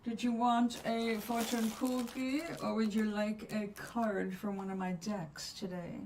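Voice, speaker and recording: Female live-stream host, calm and chatty, slow with pauses; slightly distant mic, faint background noise. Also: medium pitch. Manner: soothing, chatty and unhurried, with long pauses. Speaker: livestream host reading cards for viewers. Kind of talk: relaxed live chat with viewers.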